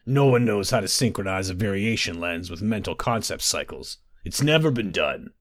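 A brusque old dwarven engineer with a low, scoffing storybook voice, read by a man. He talks down and lectures in a lively tone. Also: moderate pace, no echo, clean studio sound. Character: dismissive older male dwarven engineer.

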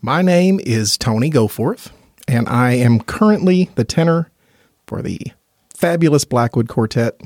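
A gospel quartet tenor from Indiana, USA, appears as a podcast guest, telling earnest, chatty stories in a casual interview and laughing easily. His voice is medium-pitched, animated, unhurried, and a little mellow, with dry, studio-quality recording.

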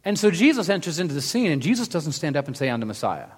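A man preaching a sermon in a casual, animated storytelling manner, acting out quotes as he goes. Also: a little high, fast talker, breathy edge, long reverb tail. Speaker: pastor.

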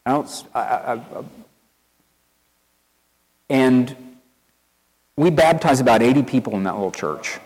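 A man from East Tennessee with a Southern accent, a pastor preaching a sermon in a conversational, storytelling way, earnest and animated. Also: medium pitch, measured pace, long pauses, slightly rough, in a large hall, poor audio. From East Tennessee, USA. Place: church sanctuary with long reverb.

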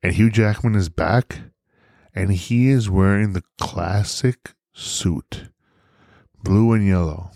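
Male podcast host, low voice, theatrical and profane, dry close recording. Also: slow, gravelly, warm tone, no room sound. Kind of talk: casual movie talk.

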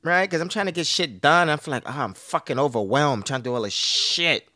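A man's voice: on the high side, brisk, sharp tone, no echo, clean studio sound. A man in his thirties hosting a podcast, rambling casually and profanely about family life, laughing often. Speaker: podcast host.

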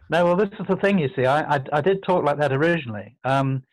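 A man's voice: a little high, no echo, rough recording. An older man from England with a posh southern English accent, reflecting thoughtfully as an interview guest, often stopping to restart his sentences. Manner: thoughtful, halting, self-correcting.

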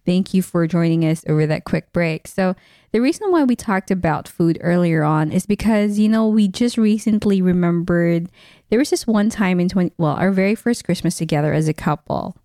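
A woman's voice: on the low side, moderate pace, warm tone, dry recording, studio quality. A woman with a Filipino English accent co-hosting a podcast in chatty, casual conversation. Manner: chatty, with frequent fillers and restarts. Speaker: podcast co-host. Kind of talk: casual chat.

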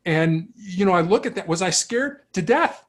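A middle-aged man with a somewhat high-pitched voice speaks earnestly in an interview. He tells stories at length and often restarts, repeating his first words before he finds the sentence. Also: expressive, normal speed. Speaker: interview guest, retired police officer. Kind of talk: reflective storytelling in conversation.

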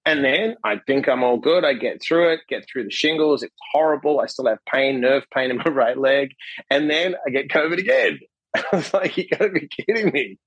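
A man guest on a podcast telling a personal story in casual conversation, animated and acting out what people said, often tagging his lines with a question. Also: medium pitch, moderate pace, breathy edge, no echo, highs cut off. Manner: animated, acts out quotes, frequent "right?" tags. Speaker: podcast guest, author and coach.

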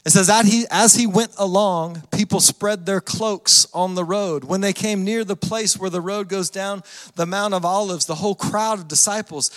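High-voiced pastor preaching in a reverberant hall. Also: male voice. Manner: animated storytelling with acted-out voices. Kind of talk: sermon.

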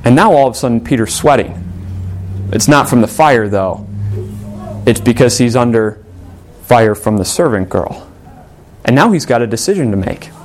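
A man delivering a sermon at a mid pitch, retelling a story with energy. He acts out the quoted lines as he goes and shifts his delivery to carry the drama. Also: lively intonation, moderate pace, pauses often, a little hiss or hum. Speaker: pastor.

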